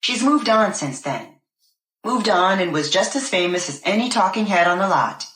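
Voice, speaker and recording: A woman reading a first-person novel aloud in a measured, deliberate way. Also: mid-range voice, expressive, a bit bright. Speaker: narrator. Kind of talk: scripted first-person audiobook narration. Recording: roomy echo.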